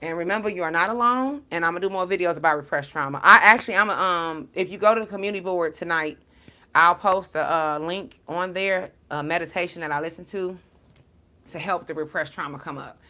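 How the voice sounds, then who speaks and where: A woman vlogger talking straight to her viewers about healing, blunt and profane, swinging between loud bursts and quiet murmurs. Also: lowish voice, a little fast. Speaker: spiritual vlogger and card reader. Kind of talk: casual, heartfelt monologue to viewers.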